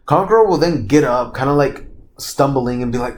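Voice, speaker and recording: A man's voice: medium pitch, animated, normal speed. A young man casually retelling a made-up fan story, rambling, stopping to recall names and correcting himself, swearing freely. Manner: laughs at his own slips, swears casually.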